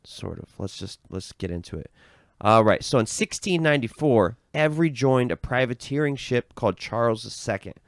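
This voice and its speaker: A man's voice: medium pitch, animated, normal speed, no room sound, studio quality. An American man co-hosting a podcast, recounting history loosely and hedging often. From United States. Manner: loose, hedging with "I think", swearing. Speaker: podcast co-host. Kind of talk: casual chat.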